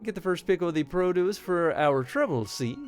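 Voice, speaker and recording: A man's voice: high-pitched, animated, normal speed, soft background music, pitched above the performer's own voice. A man voicing a sly, proud seafaring pirate woman in a put-on Irish accent while reading game dialogue aloud. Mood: wry. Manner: broad put-on brogue, folksy sailor's talk.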